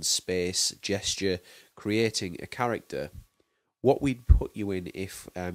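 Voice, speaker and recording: A man explaining a marking scheme as a drama teacher, measured and listing terms one by one. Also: deep voice, no echo. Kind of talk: explanatory lesson.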